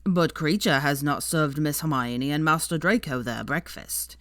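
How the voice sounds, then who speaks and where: Woman reads a fawning, croaky old male elf servant; low, strange timbre. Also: measured pace, fairly bright tone, dry recording, studio quality. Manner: servile, speaks of himself in third person.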